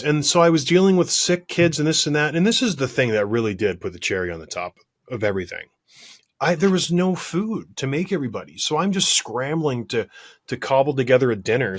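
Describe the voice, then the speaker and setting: A man co-hosting a podcast, recounting a story with animated exasperation. His voice sits at an ordinary mid pitch. He rants a little and laughs at his own pettiness. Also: a little fast. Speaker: podcast co-host. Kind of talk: casual podcast chat.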